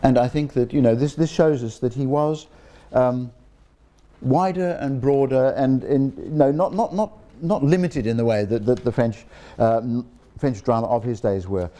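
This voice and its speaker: A man's voice: mid-range voice, mellow. An older man, a professor giving an informal public talk, genial and digressive, with frequent restarts and ums. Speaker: guest speaker, linguistics professor. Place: room with an audience of guests.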